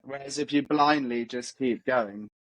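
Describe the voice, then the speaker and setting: A man's voice: medium pitch, unhurried, no room sound, muffled recording. A man hosting a podcast, agreeable and reflective, often chiming in with agreement. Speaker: podcast host. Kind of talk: conversational interview.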